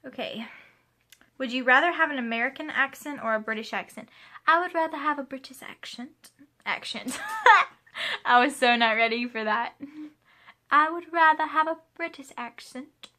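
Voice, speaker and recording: A woman's voice: on the high side, normal speed, pushed and bright. A woman of twenty chatting casually at home, answering tag questions in a rambling, talkative way with frequent asides. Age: 20s. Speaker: vlogger. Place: home room with a pet playing.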